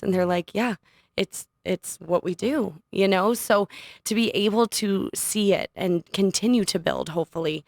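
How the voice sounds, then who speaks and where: A young adult woman, a podcast guest, telling a personal story in an animated, casual way and laughing often. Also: medium pitch, normal speed, creaky, no room sound, clean studio sound. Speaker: podcast guest, studio owner. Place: podcast studio.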